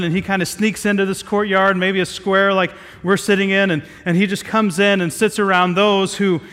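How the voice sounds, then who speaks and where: Man preaching, from Southeast Ohio, casual and rambling, fairly high voice, long echoing reverb. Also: a bit bright, clear, resonant tone. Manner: conversational, with many fillers and restarts. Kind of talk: sermon. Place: outdoor square.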